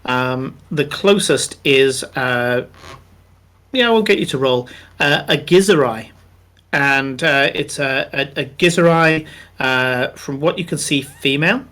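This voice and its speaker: A man with a mid-range, sharp-toned voice runs a tabletop game as game master. His scene descriptions are long and unhurried, sprinkled with many ums and uhs.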